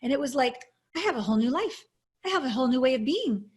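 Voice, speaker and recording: A woman coach answering interview questions over a video call. Her voice sits a little high, and her delivery is earnest, reflective and openly emotional. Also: animated, fast talker. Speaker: intimacy coach, guest. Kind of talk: interview storytelling.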